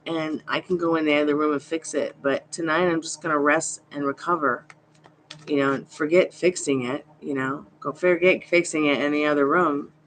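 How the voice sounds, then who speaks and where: A woman's voice: deep voice, fairly even intonation, moderate pace, slight background noise. A woman hosting a live tarot reading stream, chatty and reassuring as she greets viewers by name. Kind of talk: casual live-stream chat.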